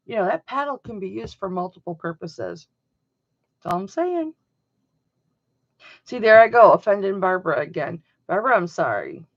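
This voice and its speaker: Middle-aged woman, live-stream host, gravelly voice, talky and emphatic; dull lo-fi home audio. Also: mid-range voice, very animated, normal speed, pauses often, dry recording. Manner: chatty, emphatic, swings between loud and soft. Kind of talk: casual live-stream chat with viewers.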